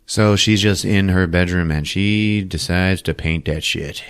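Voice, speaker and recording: A man hosting a podcast, recapping a film in a profane, animated storytelling manner. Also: low-pitched, a little slow, smooth. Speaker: podcast host. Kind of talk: comic movie recap.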